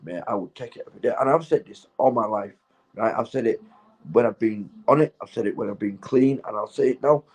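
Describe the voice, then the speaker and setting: A man's voice: medium pitch, dark tone, poor audio. A man, stoned, rambling in a casual vlog monologue, swearing heavily and laughing often. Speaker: vlogger.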